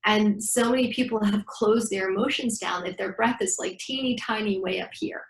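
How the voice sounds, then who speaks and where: A woman's voice: mid-range voice, moderate pace, vocal fry. A middle-aged woman, a breathwork teacher, guiding breathing exercises and acting out dialogue as she tells stories in an interview. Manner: animated storyteller acting out dialogue. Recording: echoey room.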